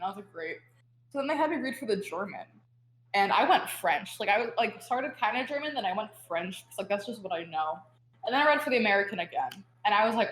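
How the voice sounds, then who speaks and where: A woman's voice: mid-range voice, quick pace. Chatty young woman in a roomy room. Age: young adult. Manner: chatty, full of "like" fillers, animated storytelling. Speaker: guest. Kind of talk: casual podcast interview. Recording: roomy echo.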